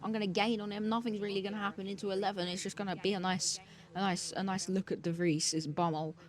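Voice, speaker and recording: A man's voice: sits high, level tone, quick pace. Joking young guy narrating racing. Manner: joking, self-mocking and sarcastic. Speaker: gaming video creator. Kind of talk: narrated racing game commentary. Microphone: desk mic, sometimes speaking off-mic.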